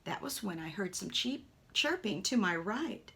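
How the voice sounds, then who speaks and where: Woman narrator for a kids' storybook, animated delivery with hushed asides. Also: mid-range voice, measured pace. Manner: animated, with soft whispered asides. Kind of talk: children's story reading.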